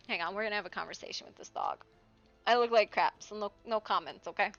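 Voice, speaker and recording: A woman's voice: medium pitch, brisk, fairly bright tone, dry recording. A woman streaming from home in casual, chatty talk, swearing freely and baby-talking to her dogs, heard over a dull lo-fi recording with faint music. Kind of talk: casual chat.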